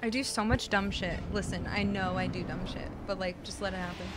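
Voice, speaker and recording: A woman streaming a video game live, reacting excitably, swearing and yelling in frustration, then muttering to herself. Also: medium pitch, fairly quick, noisy background. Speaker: gaming streamer. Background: game music.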